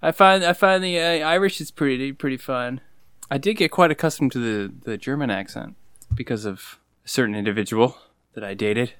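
A man's voice: medium pitch, fairly quick, fairly bright tone, smooth, no echo, clean studio sound. A man co-hosting a casual movie podcast, easygoing and hesitant, with many fillers. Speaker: podcast co-host.

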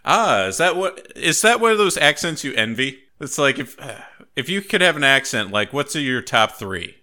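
Man, podcast host, very bright voice, casual movie chat, playful, laughs a lot. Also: medium pitch, big pitch swings. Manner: playful, laughs often, halting restarts.

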